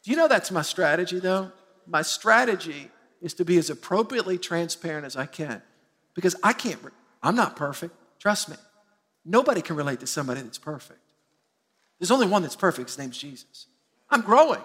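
Man, pastor, sermon, middle-aged, high voice, tense and bright, congregation call-and-response, echoing sanctuary. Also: a little fast, breathy edge. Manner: lively, calls on the congregation to answer back; self-mocking humor. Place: church sanctuary. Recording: long hall reverb.

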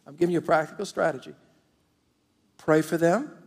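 High, gravelly man preaching in a big hall. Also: brisk. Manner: animated preaching, direct address to the congregation. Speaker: pastor. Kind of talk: sermon. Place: large church auditorium. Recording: long hall reverb.

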